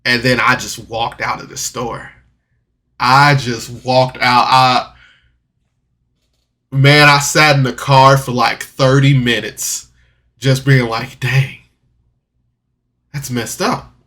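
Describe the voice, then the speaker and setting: A man vlogging a personal story, candid and rambling, doubling back with restarts and rueful laughs. His voice is bright and forceful, sitting at an ordinary pitch for a man. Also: level tone, slow, long pauses. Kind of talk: casual personal storytelling to camera.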